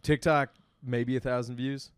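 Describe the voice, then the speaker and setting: A man's voice: mid-range voice, flat delivery, clean tone, no room sound, clean studio sound. Laughing man on a podcast mic. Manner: loose, rambling, quick to laugh. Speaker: podcast co-host. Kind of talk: casual comedy podcast chat.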